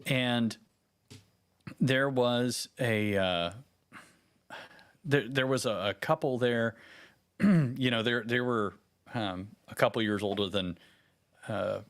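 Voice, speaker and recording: A man who is a guest on a podcast, telling family stories in casual chat, halting with restarts and dry humor. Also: mid-range voice, a bit bright.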